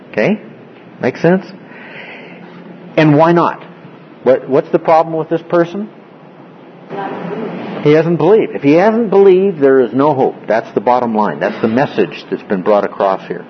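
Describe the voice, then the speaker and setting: A man's voice: mid-range voice, dull audio, a little hiss or hum. A man leading a classroom Bible study, explaining word by word and often checking in with his class. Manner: explanatory, asks frequent check-in questions.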